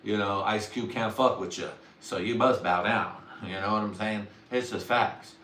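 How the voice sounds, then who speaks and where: A man's voice: lowish voice, fairly even intonation, normal speed, fairly bright tone. Young man, livestream host, vulgar drawling storyteller who laughs a lot; sits back from the mic in an echoey room. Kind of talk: crude rambling comedic monologue. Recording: roomy echo, distant mic, faint noise.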